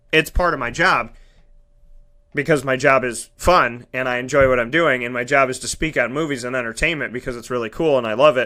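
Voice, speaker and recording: A man hosting a radio show, talking in an animated, emphatic monologue and acting out the voices he quotes. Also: on the high side. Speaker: radio host and broadcaster. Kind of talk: energetic monologue.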